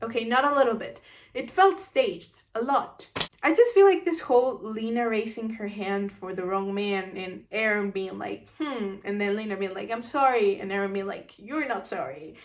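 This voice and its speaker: A woman giving an animated, sarcastic book review, acting out the scenes she criticizes. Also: mid-range voice, normal speed, slight background noise.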